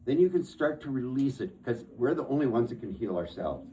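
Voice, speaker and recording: A man's voice: medium pitch, very animated, a little fast, dark tone, slight background noise. A man who works as a therapist, telling stories from his practice in an earnest conversational way and often restarting his phrases.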